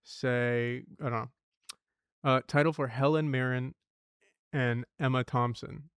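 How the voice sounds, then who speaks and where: A man's voice: medium pitch, steady tone, measured pace, fairly bright tone, clean tone, dry recording. A young man streaming himself solving word puzzles, thinking aloud, swearing and muttering clues to himself.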